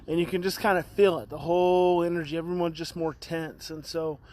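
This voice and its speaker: Earnest high-voiced man live-streaming. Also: fairly even intonation, fairly quick, darkish tone. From California. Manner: rambling, earnest, greets viewers by name. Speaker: parenting educator hosting a daily live stream. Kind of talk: casual live-stream talk. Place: outdoors. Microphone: phone on a live stream.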